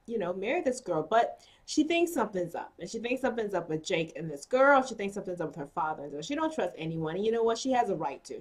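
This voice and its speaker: A woman talks through a TV episode in a relaxed, chatty way. She keeps dropping "you know" and "um" as she goes, and slips into quoting the characters while she retells what happened. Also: mid-range voice. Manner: frequent "you know" and "um" asides. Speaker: TV episode reviewer. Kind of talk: casual episode recap.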